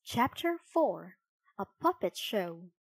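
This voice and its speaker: Woman storyteller, lively melody, slow pace, dry close sound. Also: medium pitch, breathy edge, no room sound. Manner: expressive, unhurried. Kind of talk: children's storybook narration.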